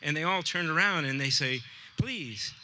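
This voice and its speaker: A man, an art teacher, telling a personal story to a live audience in a relaxed, conversational way. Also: on the high side, a little fast, clean tone. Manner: conversational, acts out dialogue with voices.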